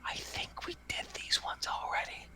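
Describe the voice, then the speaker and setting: A man voicing a wary little girl with a high voice who talks in a loud stage whisper in a tabletop game. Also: sing-song, extremely slow, vocal fry, heavily acted.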